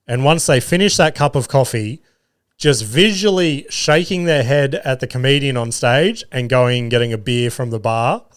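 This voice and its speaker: A man's voice: mid-range voice, smooth. A young man hosting a podcast, telling a long funny story with lots of swearing and laughter. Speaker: podcast host. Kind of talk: casual storytelling.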